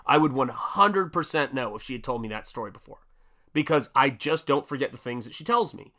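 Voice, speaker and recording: A man's voice: medium pitch, lively intonation, fairly quick, sharp tone. A middle-aged man hosting a live stream, telling a story in a casual way and repeating words for emphasis. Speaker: livestream host.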